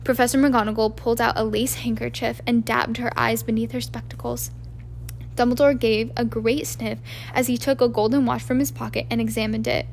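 Woman narrator, amateur audiobook reading, high-pitched, halting with restarts, faint hum behind. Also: level tone.

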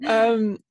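A woman author being interviewed on a podcast, explaining ideas earnestly and laughing easily. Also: on the high side. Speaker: author and guest.

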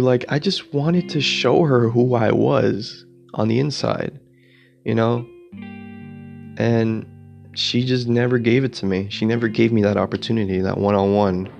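A man's voice: lowish voice, vocal fry, a little mellow. A young man telling a personal story in a rambling, casual way, full of "like" and "dude" and the odd swear word. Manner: rambling, filler-heavy, swearing, says "dude" and "like".

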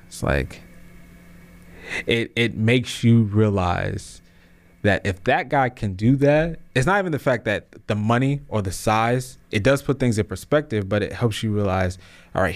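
Casual preachy man with a low voice. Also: a little mellow. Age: 30s. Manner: preachy, builds to emphatic peaks; casual slang, many restarts. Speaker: podcast host. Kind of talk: motivational podcast monologue.

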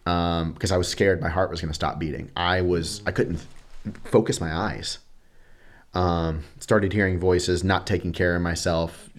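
A man's voice: deep voice, steady tone, a little slow. A man in his thirties, a podcast guest telling a personal story candidly, acting out quotes and swearing casually.

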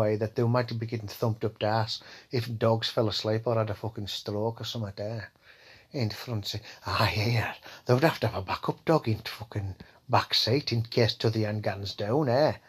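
A man's voice: fairly low pitch, a little mellow, slightly rough. A man hosting a podcast in a rambling, crude monologue, swearing constantly and tagging his lines with "eh?". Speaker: podcast host. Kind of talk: casual comedy podcast monologue.

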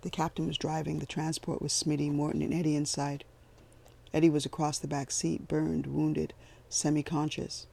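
A man giving a measured, scripted narration of a story. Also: a little high, flat delivery, vocal fry, warm tone. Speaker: audiobook narrator.

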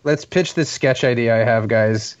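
A man with a medium-pitched, clean voice chats at a normal speed as a comedian co-hosting a podcast. His casual talk rambles along with plenty of filler words, and the podcast audio sounds dull and lo-fi.

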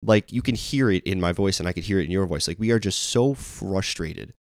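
A man's voice: deep voice, fairly quick, no echo, clean studio sound. Exasperated man asking rhetorical questions. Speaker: podcast co-host. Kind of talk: casual sports chat.

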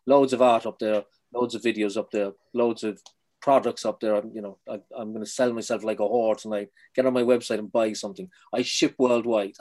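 Earnest Irish man, halting repeats. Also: lowish voice, fairly even intonation, darkish tone. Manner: earnest, repeats words while finding them. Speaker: spoken-word poet guest. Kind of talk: casual interview chat.

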